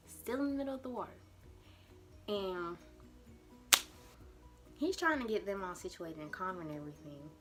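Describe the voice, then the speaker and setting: A young woman tells a story straight to her camera in an animated, dramatic way. She slips into her own panicked voice as she acts out the scenes. Her voice is mid-pitched, with faint music in the background. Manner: acts out her panicked past self in quotes. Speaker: vlogger. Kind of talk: storytime vlog.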